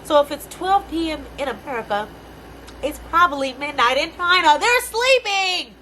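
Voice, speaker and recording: Bright-voiced exasperated young woman vlogger. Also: high-pitched, normal speed, a little hiss or hum. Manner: animated, exasperated, profane slang. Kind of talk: casual storytime rant.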